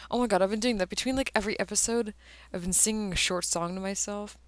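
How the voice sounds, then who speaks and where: With a mid-range voice at a quick pace and no echo, a drunk artist vlogger rambles through casual commentary as she draws on camera. Her speech is slurred, often profane, and tends to trail off into murmurs.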